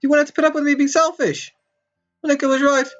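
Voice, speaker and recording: Male performer doing a high, tearful girl's voice for a game reading; slightly dull audio, music low behind. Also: level tone, fast, a bit bright. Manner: high, wavering, near tears. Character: cheerful young girl, fragile and tearful.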